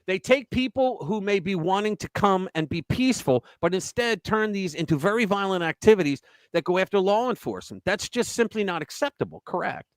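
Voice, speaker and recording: Animated sarcastic male political host. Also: sits high, brisk, no room sound. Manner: animated, sarcastic, reads headlines aloud. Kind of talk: live political commentary.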